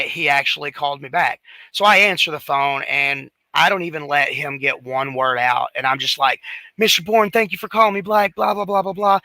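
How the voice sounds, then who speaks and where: A man's voice: on the high side, sharp tone, dry recording, rough recording. A man co-hosting a casual talk show, telling a rambling story with lots of restarts and fillers. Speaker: podcast co-host.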